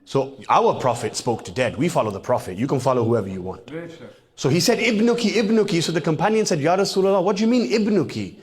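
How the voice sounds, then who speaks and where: A man delivers a sermon in a storytelling way. When he voices the people in his stories, his pitch climbs sharply and he grows louder and more impassioned. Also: lively intonation, quick pace. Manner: rising to impassioned, high-pitched calls when quoting. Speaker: preacher.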